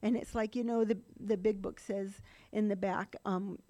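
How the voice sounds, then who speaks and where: A woman's voice: mid-range voice, fairly even intonation, normal speed, dark tone. A middle-aged woman sharing her personal recovery story in a rambling, run-on way, with laughing asides. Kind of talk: personal testimony talk.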